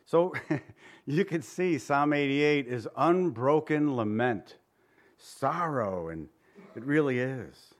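A pastor preaching a sermon, reading scripture in old-fashioned wording and asking the congregation conversational questions. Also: male voice, mid-range voice, lively intonation, slow pace.

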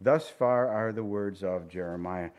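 A man preaching a verse-by-verse sermon, reading scripture aloud and then commenting in a relaxed, conversational way, sometimes acting out incredulous reactions. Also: lowish voice, unhurried. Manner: animated, acts out incredulous reactions.

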